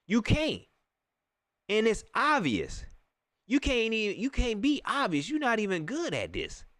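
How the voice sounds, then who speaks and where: Man, sports livestream host, repetitive slangy rant, lively bouncing pitch, fairly high voice. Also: measured pace, dry recording. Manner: animated, repetitive ranting in casual slang. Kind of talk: post-game sports reaction livestream.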